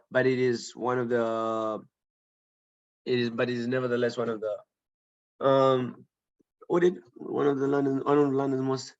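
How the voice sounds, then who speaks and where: A man with a mid-range voice, recorded with the highs cut off, teaches a writing lesson online about grammar. He thinks aloud, full of fillers and restarts, and frequently checks in with the class.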